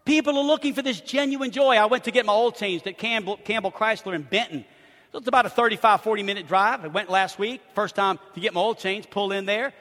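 Bright, high-voiced preacher man in a hall. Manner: humorous, animated anecdotes with laughter. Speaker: pastor. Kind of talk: lively sermon storytelling. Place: church sanctuary. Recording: hall reverb in a church.

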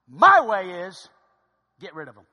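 A preacher doing a frantic complaining disciple. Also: male voice, high voice, wildly swooping pitch, a little slow, big-room sound, lo-fi sound, exaggerated voice. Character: panicky grumbling male disciple pleading with God.

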